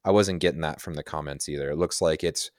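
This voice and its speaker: A man's voice: extremely low pitch, fairly even intonation, quick pace, no room sound, clean studio sound. A man co-hosting a casual podcast, speaking enthusiastically and laughing easily. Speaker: podcast co-host. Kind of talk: casual chat.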